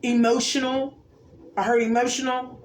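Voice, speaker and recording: A woman with a high voice and little pitch movement gives an intuitive oracle card reading to viewers at a moderate pace. She muses aloud, exclaims, and keeps checking in with "okay?" The room echoes, with faint background noise.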